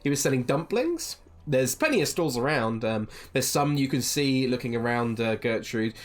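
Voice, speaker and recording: Halting game master narrating a tabletop game. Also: mid-range voice, big pitch swings. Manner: halting, lots of ums, descriptive.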